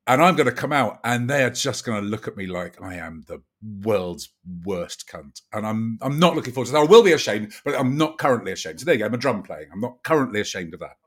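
A man's voice: lowish voice, sing-song, fast, few pauses. A man, a podcast guest, chatting casually and rambling with self-deprecating stumbles and repeated words. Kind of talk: casual comic chat.

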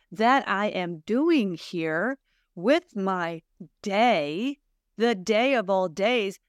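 On her own podcast, a middle-aged woman from Sweden delivers a reflective monologue, earnest and searching, full of rhetorical questions for listeners. Her voice sits at medium pitch, recorded cleanly in a studio without echo.

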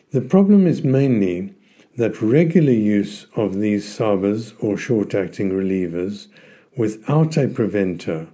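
A man hosting a health podcast, explaining in a calm, measured way and stressing key words. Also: fairly low pitch, husky. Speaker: podcast host.

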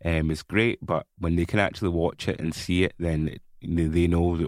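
A man, a filmmaker guest, chatting casually in an interview and getting animated as he tells stories. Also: deep voice, normal speed, no echo, studio quality. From Kenya. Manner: animated, repeats words when excited.

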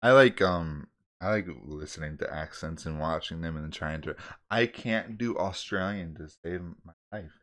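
Deep-voiced man, relaxed chat. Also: normal speed. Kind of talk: casual chat.

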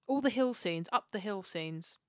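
Excitable woman co-host, gushing chat, dry close sound. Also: mid-range voice, normal speed, no echo. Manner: gushing, excitable, acts out quotes. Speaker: podcast co-host. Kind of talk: casual chat.

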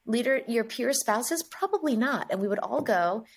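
A woman from the United States, a guest in an interview, telling stories in a lively way and acting out the dialogue. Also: fairly high pitch, normal speed, slightly rough. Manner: lively storyteller, acts out dialogue. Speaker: guest, agency chief executive. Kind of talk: interview storytelling.

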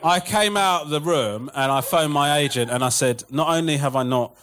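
A man, a comedian telling a profane, animated story on a podcast with a live audience, laughing often. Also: a little high, a little fast, noisy background.

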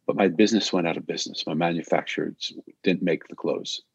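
An older man telling a personal story in a soft-spoken, reflective way, slowing down on key phrases. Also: low voice, steady tone, vocal fry, slightly rough, dry recording, lo-fi sound.

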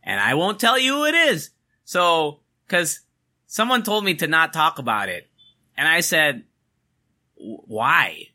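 A man's voice: a little high, big pitch swings, unhurried, bright, forceful tone. A young man hosting a podcast, ranting angrily and emphatically, swearing as he vents. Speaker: podcast host.

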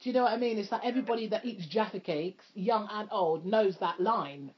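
A woman's voice: medium pitch, fairly quick, a crowd in the background. A woman co-hosting a podcast in casual chat, laughing often and swearing casually. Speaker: podcast co-host. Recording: dull lo-fi podcast recording.

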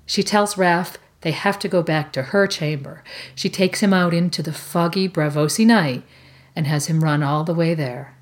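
A woman co-hosting a podcast, reading out a measured, prepared analysis of a novel. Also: on the low side.

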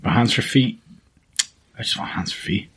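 A man's voice: on the low side, moderate pace, a bit bright, slightly rough. A man co-hosting a casual podcast chat, playful and throwing in silly one-liners. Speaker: podcast co-host.

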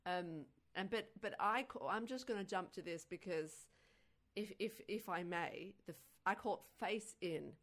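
A woman's voice: lowish voice, measured pace. A woman co-hosting a podcast in casual movie chat, explaining points emphatically and enthusiastically, often stumbling over her words. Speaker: podcast co-host.

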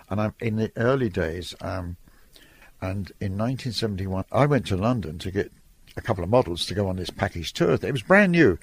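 With a fairly low pitch and a breathy edge, an older Irish man looks back on his work as a photographer. The interview is chatty and full of stories, and he laughs between lines.

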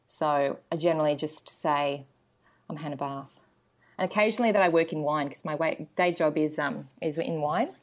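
A woman's voice: low voice, a little fast, hardly any pauses. A woman, a guest actor chatting casually and self-deprecatingly, with many fillers. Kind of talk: casual chat.

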